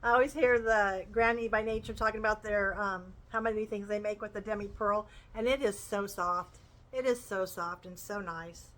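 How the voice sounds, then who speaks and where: Gushing woman, bright voice. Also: medium pitch, fairly even intonation, normal speed, poor audio. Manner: gushing, chatty and enthusiastic. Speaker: crochet vlogger. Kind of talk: casual show-and-tell chat.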